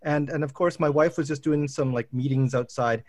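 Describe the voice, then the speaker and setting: A man in his thirties, a professor hosting a casual chat, telling animated, rambling anecdotes full of restarts. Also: mid-range voice, normal speed, no room sound. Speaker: professor and host.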